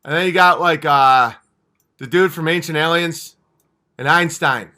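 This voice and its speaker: A man's voice: a little high, measured pace, bright, forceful tone. A man hosting a livestream, ranting passionately and profanely, rambling from point to point. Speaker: livestream host. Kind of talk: heated livestream rant.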